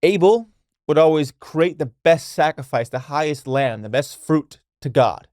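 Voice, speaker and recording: A man's voice: fairly high pitch, expressive, unhurried, darkish tone, no room sound, clean studio sound. Blunt, profane young man hosting a podcast. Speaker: podcast host. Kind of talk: solo podcast monologue.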